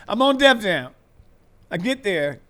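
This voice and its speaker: A man's voice: high-pitched, huge pitch swings, takes it slowly, bright, forceful tone. A comedian man from the Midwest, animatedly telling comic stories as a talk-show guest and acting out other people's voices with street slang.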